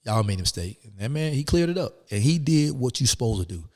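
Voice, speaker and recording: In a casual interview, a guest with a medium-pitched voice tells his story quickly, bringing the quoted people to life in an animated way. A long reverb tail trails his speech.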